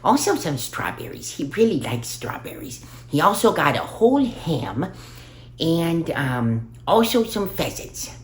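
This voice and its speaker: A woman telling an improvised children's story in a rambling, unhurried way, with fillers. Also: low-pitched, very animated, echoey room.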